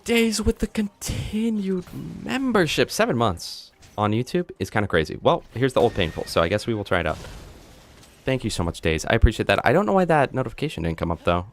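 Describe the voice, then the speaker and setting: Deep-voiced man joking on stream. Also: big pitch swings, quick pace. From United States. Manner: joking, chatting to viewers. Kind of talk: live gameplay commentary.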